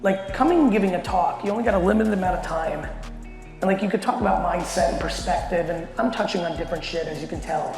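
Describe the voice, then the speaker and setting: A middle-aged man telling a story in a talk to a company audience, animated and full of swearing. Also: sits high. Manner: profane, animated, fast storyteller. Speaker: keynote speaker. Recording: echoey hall with long reverb, faint music.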